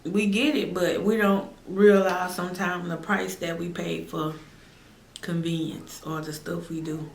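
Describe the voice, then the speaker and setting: A woman chatting to camera while eating, slow and folksy, calling her viewers neighbor. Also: on the low side, flat delivery, vocal fry. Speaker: mukbang host. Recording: echoey room, faint noise.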